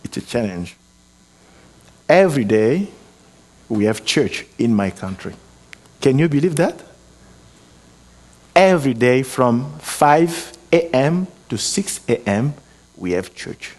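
A man with a foreign accent preaching a sermon, earnest and exhorting, often pausing with hesitations and restarting his words. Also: medium pitch, big pitch swings, darkish tone. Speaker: guest preacher.

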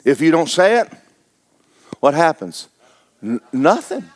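A man's voice: a little high, big pitch swings, slow pace. A male pastor, preaching a sermon in a folksy, humorous way.

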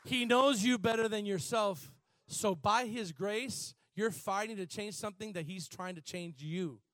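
Preacher guy with a high bright voice, dry sound, builds up to shouting. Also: no room sound. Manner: rising from quiet emphasis to shouted fervor; repeats words, drawn-out phrases. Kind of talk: sermon.

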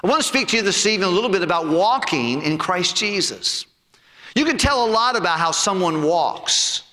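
A male pastor preaching a sermon and telling a personal story in earnest, sinking low and soft when he quotes people. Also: animated, brisk. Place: church sanctuary. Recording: long hall reverb.

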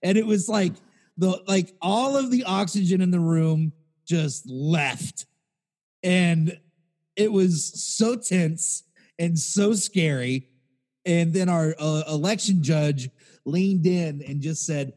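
A man's voice: a little high, slow, a little mellow, in a large hall. A man co-hosting a podcast, telling a rambling, profane story in casual chat. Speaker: podcast co-host.

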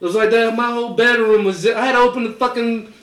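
A man co-hosting a podcast, telling a profane story in animated casual chat and hammering his punchlines. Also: very high voice, fast, roomy sound. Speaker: podcast co-host.

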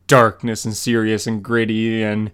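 A young man co-hosting a comics podcast, chatting casually with quick interjections. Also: on the low side, completely flat delivery, a bit bright, smooth. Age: young adult. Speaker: podcast co-host. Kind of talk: casual chat about comics.

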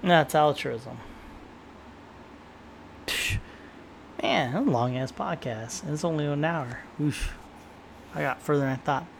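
Speaking a little slowly with long pauses, a young San Diego-area man in a podcast monologue has a slightly high, gravelly voice. He rambles and swears, telling stories that quote his own thoughts, over a little hiss or hum.

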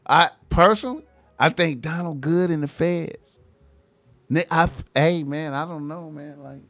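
A man's voice: medium pitch, a bit bright, dry recording. A young man, ranting casually and profanely, repeating himself and tacking "man" onto his lines. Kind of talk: casual rant to camera.

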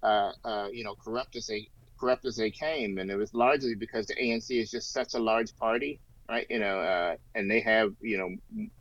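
A man's voice: lowish voice, steady tone, normal speed, fairly bright tone, no echo. A man co-hosting a podcast, talking through politics in a rambling, casual way with many fillers and restarts. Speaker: podcast co-host. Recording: dull lo-fi sound, dry.

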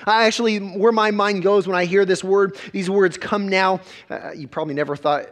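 A man, a pastor preaching a sermon with emphatic repetitions and quick restarts. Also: high voice, steady tone.

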